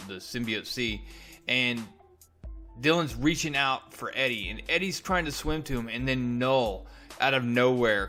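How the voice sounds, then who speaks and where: A man's voice: medium pitch, pushed and bright. A man casually recapping and reviewing a comic book, telling the story animatedly with frequent restarts.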